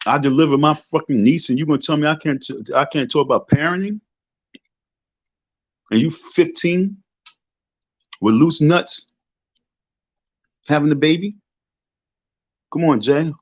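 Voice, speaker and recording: A man's voice: fairly high pitch, a little slow, long pauses, dry recording. A man lectures his livestream chat in a preachy, emphatic way. He hammers the same points again and again and swears as he goes. His voice comes through dull and lo-fi, dry and close with no room sound. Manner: emphatic, preachy, repeats himself, profane. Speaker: livestream host. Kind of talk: casual livestream rant.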